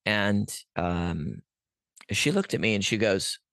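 A man's voice: on the low side, takes it slowly, dry recording, clean studio sound. A man guest on a podcast, earnestly telling a personal story in a rambling way, with many restarts and fillers. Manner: earnest, animated at peaks.

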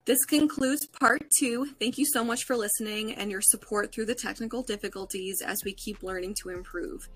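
A woman's voice: mid-range voice, fairly even intonation, normal speed, hardly any pauses, fairly bright tone, slightly rough. A woman hosting a podcast, reading the closing sign-off. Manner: scripted sign-off read. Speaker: podcast host. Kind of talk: show outro.

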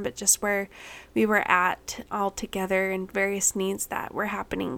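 Pregnant woman podcaster with vocal fry. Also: medium pitch, fairly bright tone. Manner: candid, rambling, many ums, getting emotional. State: late pregnancy, emotional. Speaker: podcast host. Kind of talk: personal podcast monologue.

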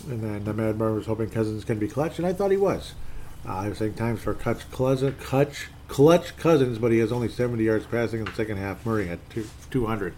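A man's voice: lowish voice, lively intonation, fast, dark tone, slight background noise. A man ranting in a casual, rambling way about his team's game, reading posts aloud and sounding fed up. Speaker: sports fan commentator. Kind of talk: casual solo sports rant.

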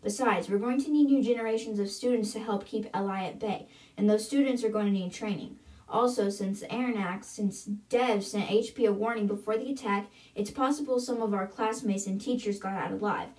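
A woman's voice: medium pitch, fairly quick, darkish tone, close to an everyday voice. A woman voicing a determined teen girl who leads her classmates, speaking steadily and persuasively, a bit far from the mic. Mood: earnest.

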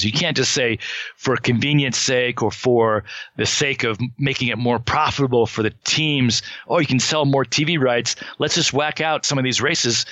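A man co-hosting a cycling podcast, who talks in a relaxed, wry and opinionated way. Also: medium pitch, no echo, dull audio. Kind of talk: casual chat.

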